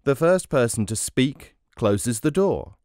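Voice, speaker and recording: A man's voice: mid-range voice, expressive, slow pace, a little mellow, dry recording, clean studio sound. A man doing a pushy stubborn husband. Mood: bossy. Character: stubborn, bossy young husband.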